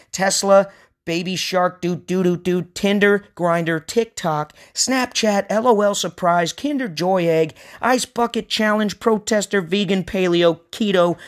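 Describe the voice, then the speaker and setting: A man in his thirties from the US West Coast, hosting a podcast with a rambling, ranting comic monologue. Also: a little high. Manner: ranting, rambling, crude jokes. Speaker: podcast host. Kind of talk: comedic monologue.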